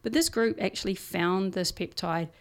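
A woman's voice: mid-range voice, normal speed. A woman co-hosting a casual science podcast, explaining research in a chatty way with everyday examples and frequent fillers.

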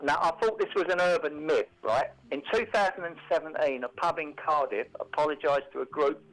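A man hosts a radio segment from a studio, chatting loosely and telling odd stories. He slips in deadpan, made-up asides. His voice sits somewhat high for a man. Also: a little fast, soft background music, rough recording. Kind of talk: casual radio banter.

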